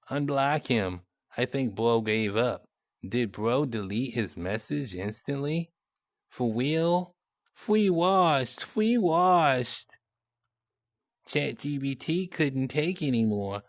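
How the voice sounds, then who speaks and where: A man's voice: medium pitch, no room sound. A young man and content creator giving casual, mocking commentary on chat messages in a sarcastic tone.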